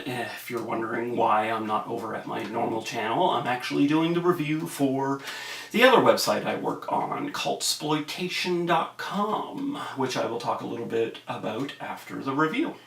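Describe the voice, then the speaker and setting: A young man talks through a film review in a loose, rambling way, often stalling on fillers. His voice is bright and a little gravelly. The sound is roomy and echoey, and the mic sits some way off. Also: mid-range voice, animated, normal speed. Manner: rambling, hesitant with many fillers. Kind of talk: casual video review. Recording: roomy echo, mic at a distance.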